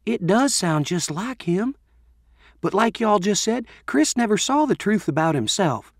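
A man voicing a soft-spoken teen girl. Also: high-pitched, sing-song, unhurried, no echo, clean studio sound, voice pushed up, exaggerated voice. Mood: puzzled. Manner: soft, puzzled, musing. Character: teenage girl with a thick Southern accent.

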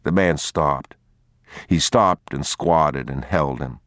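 A man narrating a novel aloud in a measured, grave reading. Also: rumbling low, a bit bright, no echo, studio quality. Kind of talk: audiobook narration.

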